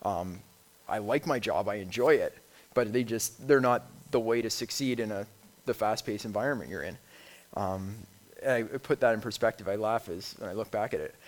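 A man, a lay speaker and youth leader, gives a conversational sermon. He reads scripture slowly, then talks informally with frequent restarts and ums. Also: lowish voice.

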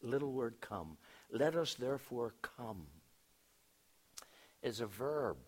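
A man preaching a sermon as a pastor, telling a story in a storytelling way, hushing his voice and then rising for emphasis. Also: mid-range voice, expressive, takes it slowly.

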